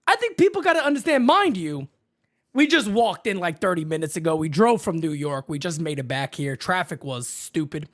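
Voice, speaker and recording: A man hosting a baseball fan live stream from his home setup, hyped and shouting out viewers in the chat by name. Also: on the high side, sing-song, normal speed. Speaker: baseball fan show host.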